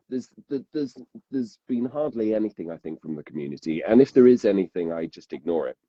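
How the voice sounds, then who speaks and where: Dark husky-voiced man chatting. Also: lowish voice, no echo, highs cut off. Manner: rambling, self-interrupting, laughs often. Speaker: podcast guest, audiobook narrator. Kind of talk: casual podcast chat.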